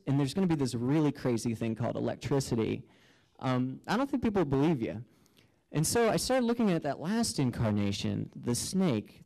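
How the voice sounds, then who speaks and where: A spoken-word performer delivers an earnest first-person storytelling monologue full of wonder. His mid-range voice is warm, though the recording is rough.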